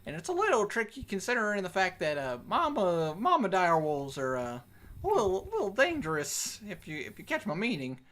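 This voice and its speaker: A man narrates as dungeon master in a tabletop game played over voice chat. His pitch swings widely as he talks, and he rambles and restarts his sentences. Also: wildly swooping pitch, brisk, a bit bright. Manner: rambling, restarts often, laughs. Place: home, voice chat.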